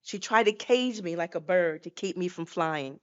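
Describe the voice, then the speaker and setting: A woman's voice: lowish voice, normal speed, clean tone, muffled recording. A woman in her sixties giving a dramatic personal testimony as a guest speaker, acting out scenes as she tells them. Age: 60s.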